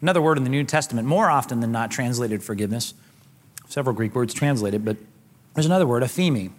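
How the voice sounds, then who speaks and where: A pastor preaching a sermon, retelling scripture conversationally with casual slang. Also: male voice, medium pitch, lively intonation, quick pace, a little hiss or hum. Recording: long hall reverb.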